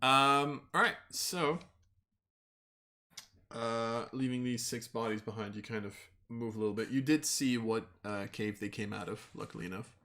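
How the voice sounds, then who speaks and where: A man narrating as game master in a tabletop game, chatty and quick to laugh. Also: medium pitch, sharp tone. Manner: laughs often, loose and chatty.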